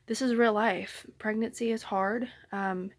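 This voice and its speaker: A woman's voice: mid-range voice, fairly even intonation, unhurried, no echo. A young woman chatting casually in a pregnancy update vlog from her bedroom. She is a little out of breath and talks in a rambling, apologetic way with many ums, filming on a handheld phone. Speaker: vlogger. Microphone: handheld phone camera at arm's length.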